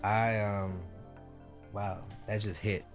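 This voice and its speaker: A man's voice: lowish voice, little pitch movement, slow pace, faint music behind. A man hosting an interview, reacting with short affirmations and then reflecting on his own story.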